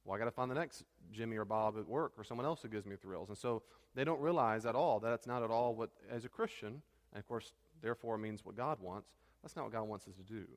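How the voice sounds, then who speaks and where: A pastor teaching a church class in a conversational, animated way. He now and then trips over his words. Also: on the low side, fast talker, few pauses, in a large hall.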